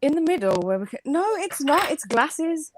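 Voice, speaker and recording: A woman's voice: high voice, sing-song, a little fast, crowd noise. A woman with a Black Country accent, bantering and swearing on a casual live stream. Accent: Black Country English. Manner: teasing, swears, defends her vowels.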